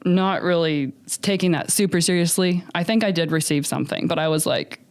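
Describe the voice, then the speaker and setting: A young adult woman, a podcast guest, telling her story in an animated, filler-heavy way and acting out what others said. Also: fairly low pitch, fairly quick, smooth, no room sound, studio quality. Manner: animated, many fillers, acts out others' lines. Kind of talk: storytelling in a conversational interview.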